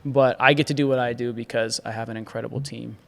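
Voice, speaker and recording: A man sharing his founding story in an interview, earnest and grateful, animated when he tells stories. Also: medium pitch, fast talker, creaky, long reverb tail. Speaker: agency founder, guest. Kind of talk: casual conversational interview.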